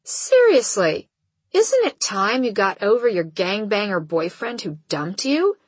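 A woman's voice: medium pitch, very animated, unhurried, husky, no room sound. A woman reading a scornful, bossy teenage girl who taunts a classmate in front of a crowd. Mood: sneering. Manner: sneering, scornful.

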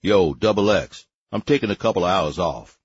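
A man's voice: low-pitched, lively intonation, moderate pace, slightly rough, no room sound, highs cut off. A man doing a brash, laid-back sergeant. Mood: breezy.

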